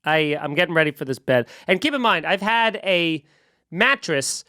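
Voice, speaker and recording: Bright, high-voiced man telling a story. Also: moderate pace, no echo, clean studio sound. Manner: animated, profane, acts out quoted exchanges. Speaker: comedian podcast host. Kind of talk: casual storytelling chat.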